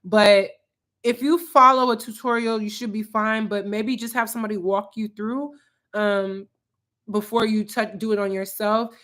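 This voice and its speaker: Speaking at a normal speed in a steady, mid-range, fairly bright voice, a Philadelphia YouTuber in her twenties livestreams from her apartment. She reads out viewer comments and chats loosely, using "like" and "um" often.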